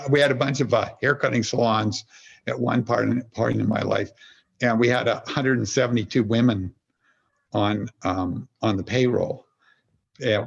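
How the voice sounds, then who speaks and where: A man's voice: lowish voice, gravelly, husky, muffled recording. A man as a podcast guest and executive coach, talking in an earnest, meandering way and explaining his ideas through everyday examples. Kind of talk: reflective conversational storytelling.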